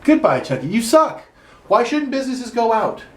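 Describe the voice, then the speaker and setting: A man's voice: extremely high pitch, big pitch swings, normal speed, roomy sound. A standup comedian man ranting sarcastically from his room, swearing and building into mock outrage. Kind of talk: solo comic rant.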